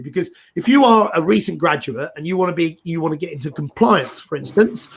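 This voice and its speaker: Middle-aged male host, gravelly, chatty and rambling. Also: a little high, fairly quick. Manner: animated, rambling, repeats words as he goes. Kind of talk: casual career advice chat.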